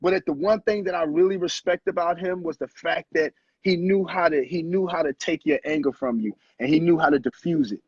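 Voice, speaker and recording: A man in his thirties, a former pro basketball player and guest, telling animated stories in casual talk and acting out quotes. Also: on the high side, fairly quick, few pauses, no room sound. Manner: animated storyteller who acts out quotes. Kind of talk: casual storytelling interview. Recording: muffled lo-fi audio, husky.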